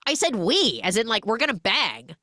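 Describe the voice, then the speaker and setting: A woman's voice: fairly high pitch, big pitch swings, normal speed, bright, forceful tone, no room sound, studio quality, pitched above the performer's own voice, exaggerated voice. A woman voicing a heartsick young woman who rambles through her feelings, in a recap retelling. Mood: bantering.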